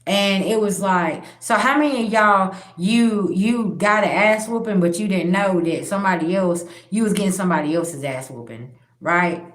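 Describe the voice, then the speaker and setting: A woman's voice: mid-range voice, moderate pace, hardly any pauses. A woman hosting her spiritual channel, telling personal stories bluntly and with plenty of profanity, speaking straight to her viewers. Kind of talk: candid personal storytelling. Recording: roomy echo.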